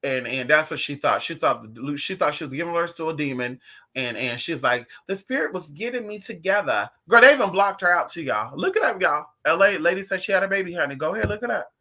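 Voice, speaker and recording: Livestream host, animated and profane, storytelling casually to viewers. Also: mid-range voice, fast talker. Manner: talks straight to viewers.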